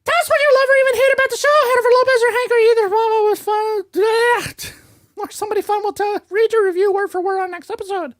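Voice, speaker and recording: A woman voicing a cheeky googly-eyed puppet, reading a comic plug in a shrill, bossy, pleading voice. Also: fairly even intonation, quick pace, no room sound. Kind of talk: comic ad read in a character voice.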